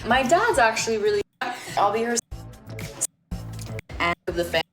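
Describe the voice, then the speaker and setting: A woman's voice: a little high, big pitch swings, a little slow. A young woman chatting playfully through a tour of her home at night, giggling often. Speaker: singer giving a home tour. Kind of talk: casual video tour. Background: music.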